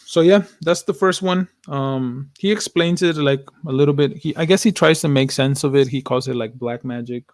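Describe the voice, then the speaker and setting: A man's voice: mid-range voice, moderate pace, hardly any pauses, no echo, clean studio sound. A young adult man co-hosting a podcast, reflective and earnest in casual chat, swearing casually and dropping in some Spanish. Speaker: podcast co-host.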